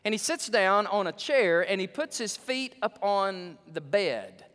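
A male pastor preaching a sermon, his voice surging up for emphasis and dropping low. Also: very animated, a little slow, fairly bright tone. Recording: long hall reverb.

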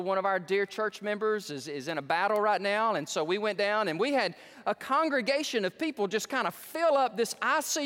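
Man pastor, high voice, folksy excitable sermon, long reverb of a big church. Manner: folksy, excitable preaching with repeated restarts. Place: large church sanctuary.

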